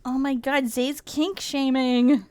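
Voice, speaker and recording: Giggly sarcastic woman streamer, slow drawl. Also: high-pitched, level tone, darkish tone, clean tone, no room sound. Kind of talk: casual livestream commentary.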